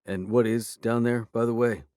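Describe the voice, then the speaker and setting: A blunt young wizard, voiced by the narrator, only a touch brighter than the plain reading voice. He talks casually and to the point, close and dry. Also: medium pitch, steady tone, normal speed, clean tone, dry recording, close to an everyday voice.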